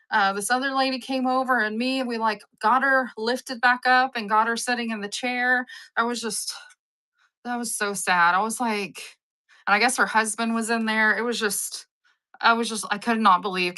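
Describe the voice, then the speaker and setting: A woman's voice: fairly high pitch, clean tone. A woman, hosting a live stream and chatting with viewers, rambling through stories and acting out the people in them. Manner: rambling, animated storyteller who acts out the people in her stories. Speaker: live-sale stream host. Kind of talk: casual chat with live viewers.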